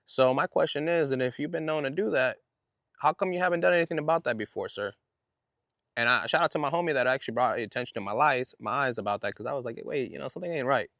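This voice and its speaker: A man's voice: mid-range voice, a bit bright, no room sound. A man hosting his own podcast, telling a story in an indignant, fired-up way with casual slang. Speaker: podcast host. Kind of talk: solo podcast monologue.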